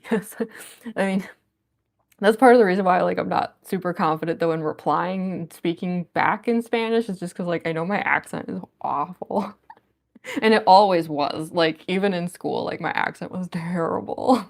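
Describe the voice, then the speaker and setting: A giggly woman chats through a relaxed livestream, answering viewer comments as they come in. Her voice sits fairly low and carries a gravelly fry at the ends of her phrases. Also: normal speed. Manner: chatty, giggly, reads chat comments aloud. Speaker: cosplayer livestreamer. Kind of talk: casual livestream chat.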